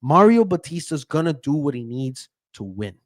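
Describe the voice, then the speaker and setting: A man's voice: fairly high pitch, sing-song, normal speed, no echo, studio quality. A man who handicaps bets, giving a casual, profane fight breakdown and keeps checking in with "right?". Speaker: MMA betting handicapper.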